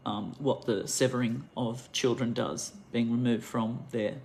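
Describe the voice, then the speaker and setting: A woman's voice: very deep voice, steady tone, unhurried, darkish tone, slight background noise. Angry Australian woman ranting. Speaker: vlogger. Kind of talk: impassioned monologue to camera.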